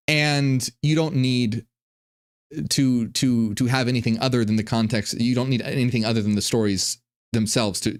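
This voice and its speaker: Animated, swearing male commentary host. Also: mid-range voice. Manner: animated, profane, restarts sentences. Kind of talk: casual reaction commentary.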